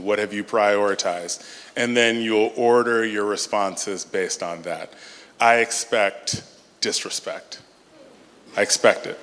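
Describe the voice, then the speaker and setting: A man with a lowish voice answers questions from the audience at a conference. His delivery is measured and emphatic. The sound rings through a large hall with a long reverb. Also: fairly bright tone. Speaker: conference speaker. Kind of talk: Q&A talk at a church conference.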